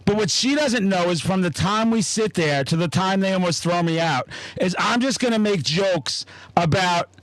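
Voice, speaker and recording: High-pitched guy cussing through a story, dry sound, podcast host. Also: moderate pace, dry recording, rough recording. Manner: profane, animated storyteller. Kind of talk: casual chat, storytelling.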